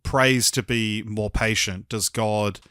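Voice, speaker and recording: A man's voice: fairly low pitch, fairly even intonation, slow pace, bright, forceful tone, smooth, no room sound, clean studio sound. A man co-hosting a film podcast, chatting casually and rambling with lots of fillers and restarts. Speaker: podcast co-host. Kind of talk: casual film review chat.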